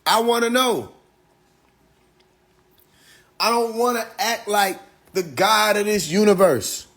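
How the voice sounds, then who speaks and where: A man hosts an Instagram Live monologue in a high, slightly bright voice, taking his time as he speaks. He preaches with rhetorical questions and curses along the way.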